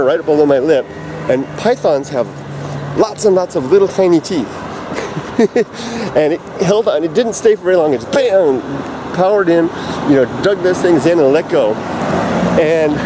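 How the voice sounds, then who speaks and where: A man telling his own stories casually to camera, rambling and animated. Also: fairly high pitch. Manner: rambling, animated, self-amused storyteller. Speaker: vlogger telling life stories. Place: outdoors near a road and railway. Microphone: phone. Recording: outdoors with clear traffic noise.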